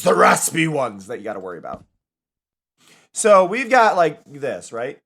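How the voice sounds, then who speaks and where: A young man talks his way through a live game stream in a loose, rambling way, often breaking into laughter. His voice sits slightly high and swings widely in pitch, which makes his chatter sound animated. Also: normal speed. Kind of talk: casual live-stream chat while gaming.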